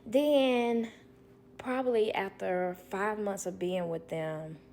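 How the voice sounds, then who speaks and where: A young woman who works as a nanny, telling a work story to viewers in a blunt, animated way. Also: medium pitch, slow, a little hiss or hum. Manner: blunt, animated, acts out others' lines.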